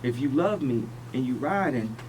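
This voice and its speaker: A man speaking as a radio interview guest, talking in slow, halting phrases that he often restarts. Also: mid-range voice, expressive, darkish tone, far from the mic, a little hiss or hum, rough recording.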